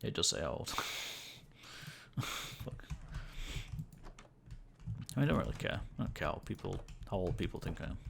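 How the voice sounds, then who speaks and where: Late-teens male streamer, low croaky gravelly voice, rambling and chatty with fillers, keyboard clicks faint behind. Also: very animated, measured pace, pauses often, fairly bright tone, a little hiss or hum. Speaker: livestreamer. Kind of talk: casual gaming livestream chat.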